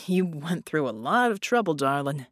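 A woman's voice: low voice, lively intonation, normal speed, no room sound, studio quality. A woman voicing a sarcastic captive man who answers with flippant jokes. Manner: flippant, joking. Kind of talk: audiobook character voice.

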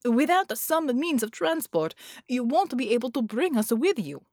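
A woman voicing a frantic male scientist spirit in an audiobook, talking in a high-strung rush. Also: very animated, moderate pace, darkish tone, no echo, studio quality, heavily acted.

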